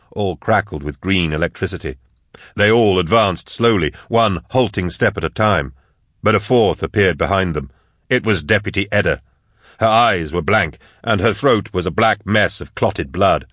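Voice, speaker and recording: A man narrating an audiobook in a measured, steady read, close on a studio mic. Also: sits low, no room sound. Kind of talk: scripted narration.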